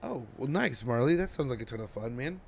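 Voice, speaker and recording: A sleepy man chats his way through a strategy game on a live stream, rambling loosely to viewers. His voice sits at an ordinary middle pitch, with faint room noise behind him. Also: expressive, a little fast, creaky, darkish tone. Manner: chatty and rambling, talking to chat while playing. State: drowsy. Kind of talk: casual gameplay commentary.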